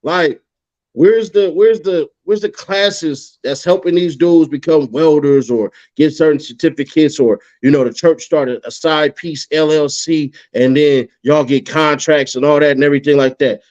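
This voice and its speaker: A man hosting a casual conversation, ranting in an animated, profane way. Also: on the high side, normal speed. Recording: dull lo-fi sound.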